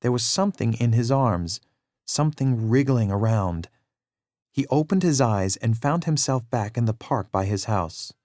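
A man narrating a children's storybook in a steady, measured read-aloud manner. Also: medium pitch, no echo, studio quality.

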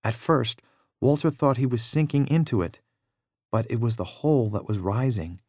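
A man narrating a children's storybook in a steady, measured read-aloud manner. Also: medium pitch, no echo, clean studio sound.

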